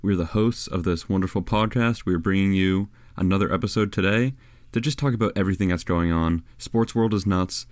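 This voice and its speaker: A man's voice: sits low, brisk, a little mellow, no echo. A young man hosting a casual sports podcast in laid-back, easygoing banter on a close mic. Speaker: podcast host. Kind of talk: casual chat.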